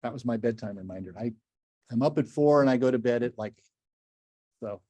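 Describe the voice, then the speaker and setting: An older man giving a lively, enthusiastic slide lecture to a club, full of chatty asides and gushing praise. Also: mid-range voice, brisk, no echo. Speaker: naturalist lecturer.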